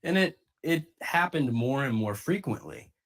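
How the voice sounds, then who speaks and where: A man's voice: mid-range voice, animated, normal speed. A man, an actor, recounting a story in a candid way and acting out what others said. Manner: candid, acts out the quoted speech. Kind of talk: storytelling clip.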